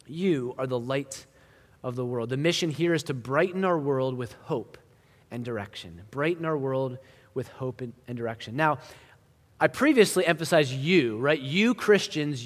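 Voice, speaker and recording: A male pastor delivers a sermon in an easy, conversational way. He punches key phrases and then falls to a hush. His mid-range voice rings out with a long reverb through a church hall. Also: mid-range voice, animated, moderate pace. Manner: conversational preaching with rising emphasis and hushed drops.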